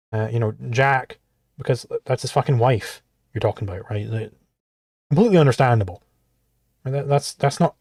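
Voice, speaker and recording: A man hosting a livestream, talking in an exasperated rant full of swearing. His voice sits at an ordinary pitch and sounds close and dry, with no room around it. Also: darkish tone, no room sound. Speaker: livestream host reacting to clips. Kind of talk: profane livestream commentary.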